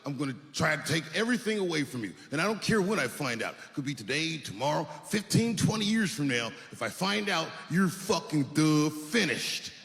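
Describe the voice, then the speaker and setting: Dude doing a vengeful crowd making fast threats, echoey live venue. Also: male voice, fairly high pitch, very animated, vocal fry, a bit bright, heavily acted. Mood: threatening. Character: vengeful, threatening crowd voiced as one man. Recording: live hall reverb, noisy.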